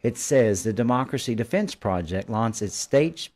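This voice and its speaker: A man's voice: medium pitch, lively intonation, normal speed, a little mellow. A man hosting a live commentary show, reading news articles aloud and breaking off to scoff at them with combative asides. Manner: combative, dismissive, stops to editorialize. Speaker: host.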